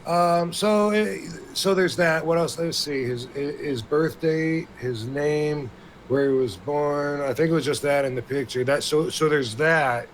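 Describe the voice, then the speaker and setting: A man's voice: a little high, measured pace, slight background noise. A man co-hosting a podcast, talking in a rambling, blunt and profane way. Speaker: podcast co-host. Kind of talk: casual podcast chat.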